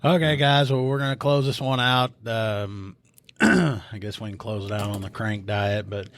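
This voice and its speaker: A man, a police officer co-hosting a podcast, telling stories lively and acting out the voices of people in them. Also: on the low side, unhurried, no room sound. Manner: animated, acts out quotes, laughs a lot. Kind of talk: casual storytelling chat.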